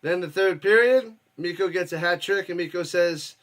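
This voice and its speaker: A man with a fairly high voice hosts a live watch party stream, mixing casual play-by-play with chat. He talks loosely and jokes around, and his voice jumps up when a big play happens. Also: moderate pace, hardly any pauses, fairly bright tone. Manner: loose, jokey, reads chat, bursts up for plays.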